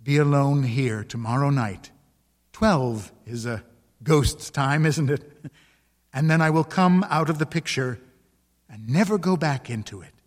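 A man's voice: mid-range voice, measured pace, in a large hall, close to an everyday voice. A man reading a yearning ghost woman. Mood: pleading. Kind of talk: dramatic reading of a ghost story.

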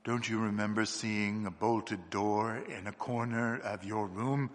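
A man voicing a strange, sickly male housemate who speaks in a hushed, rasping way. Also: on the low side, steady tone, measured pace, pitched below the performer's own voice, natural voice. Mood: hushed, uneasy. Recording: long hall reverb.

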